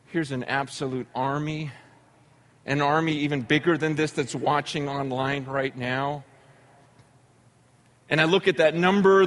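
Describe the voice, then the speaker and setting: A man in his thirties or forties preaching with raw feeling, his voice sitting fairly high. He stumbles over and repeats words as he goes, dropping to a near murmur and then rising to a shout. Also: a little hiss or hum. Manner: earnest, halting, repeats words, swings from hushed to shouting. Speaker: conference speaker. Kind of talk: impassioned sermon.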